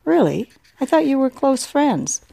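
A woman's voice: high voice, big pitch swings, a little slow, vocal fry, mellow, pitched above the performer's own voice, exaggerated voice. A woman voicing an overworked, earnest man. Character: tired overworked middle-aged man, earnest.

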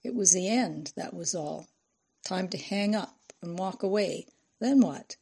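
A woman reads a novel aloud in measured, expressive narration. Her voice sits low with a husky grain and a gravelly fry at phrase ends. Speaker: audiobook narrator. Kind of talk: scripted audiobook narration.

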